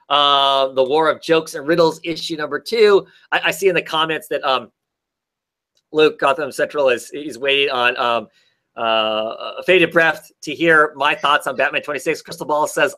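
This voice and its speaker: Male comic reviewer, casual, rambly, slightly higher voice, bright and energetic. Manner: rambling, frequent fillers and restarts, enthusiastic retelling.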